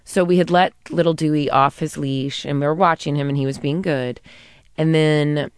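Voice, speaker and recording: A woman co-hosts a garden talk show, her voice a little hoarse but still smooth underneath. She tells stories in a lively, chatty way. The sound is close and dry. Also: low-pitched, normal speed, no echo. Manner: lively storyteller. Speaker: radio garden show co-host. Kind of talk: casual chat.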